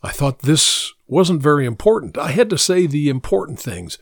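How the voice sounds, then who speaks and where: A man narrating a scripted first-person story in a measured, reflective reading. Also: fairly high pitch, sing-song, gravelly, no echo, studio quality.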